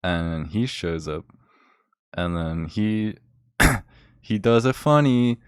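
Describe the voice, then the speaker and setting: A man's voice: sits low, animated, takes it slowly, clean tone, dry recording, clean studio sound. A young man recapping a film in a casual, rambling, sarcastic rant full of fillers. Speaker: vlogger.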